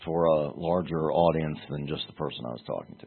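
Man, Bible teacher, deliberate and halting, tinny phone-line sound. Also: extremely low pitch, vocal fry, breathy edge. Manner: slow, halting, repeats words for emphasis. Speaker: preacher.

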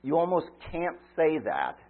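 A man preaching a sermon, retelling a story dramatically, swinging from loud cries to quiet asides. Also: on the high side, huge pitch swings, unhurried. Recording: tinny phone-like line.

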